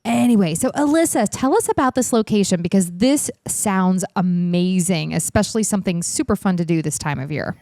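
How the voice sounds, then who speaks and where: A woman co-hosting a casual podcast, bubbly and quick to laugh and chime in. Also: medium pitch, animated, dark tone, no room sound, studio quality. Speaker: podcast co-host.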